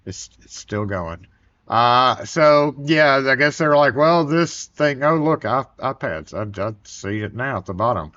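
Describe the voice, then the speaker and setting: A man's voice: mid-range voice, expressive, measured pace, sharp tone, muffled recording. A man talking as a locksmith in a casual product review vlog, rambling loosely with many fillers and restarts.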